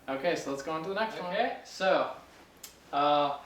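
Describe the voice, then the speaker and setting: Guy explaining music terms, kinda high voice, lots of "like", sounds far off in an echoey room. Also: normal speed, fairly bright tone. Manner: chatty, filler-heavy, playful and self-correcting. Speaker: music theory teacher. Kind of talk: casual explanatory lesson. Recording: roomy sound from a distance, faint hiss.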